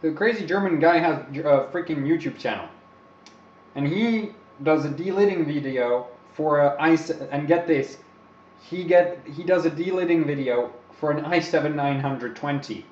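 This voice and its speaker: A man's voice: on the high side, normal speed, a little mellow. A young man from the Czech Republic hosting an overclocking livestream, rambling and joking about himself in casual commentary. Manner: rambling, joking, self-deprecating. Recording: roomy, slightly dull stream audio.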